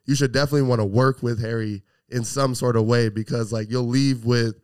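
A man's voice: medium pitch, steady tone, brisk, a little mellow, clear, resonant tone. A man hosting a podcast, talking casually in rambling, filler-heavy sentences full of praise. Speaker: podcast host.

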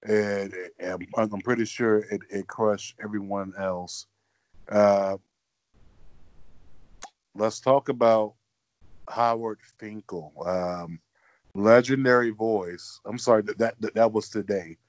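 A man's voice: fairly low pitch, steady tone, slow, pauses often, dry recording. A man hosting a wrestling podcast, talking casually with many fillers and restarts. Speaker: podcast host.

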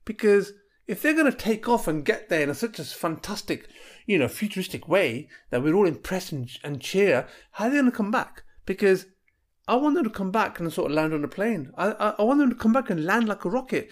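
Chatty man with a higher voice. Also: sing-song, a little fast. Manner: chatty, laughs at his own jokes, acts out voices. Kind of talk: casual comic monologue.

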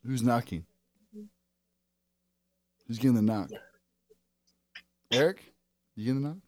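A man's voice: mid-range voice, a little slow, a little mellow, no room sound. A man hosting a casual podcast, swearing freely and joking with friends, laughing often. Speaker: podcast host.

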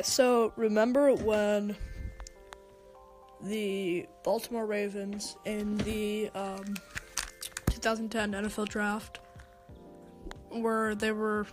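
A young woman giving her opinions on sports in a casual, unscripted monologue. She talks slowly in a flat, even voice and stumbles over her words with fillers and restarts. Faint music plays behind her. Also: medium pitch. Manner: hesitant, many fillers and restarts. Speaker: sports talk host.

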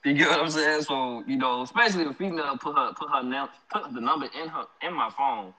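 A young man casually telling an animated, slangy story about a night out, laughing often. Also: mid-range voice, quick pace, crowd noise. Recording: dull lo-fi sound.

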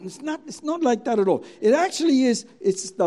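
A man's voice: very high voice, wildly swooping pitch, moderate pace, few pauses, dark tone. A man preaching a sermon, telling a story and acting out its scenes dramatically.

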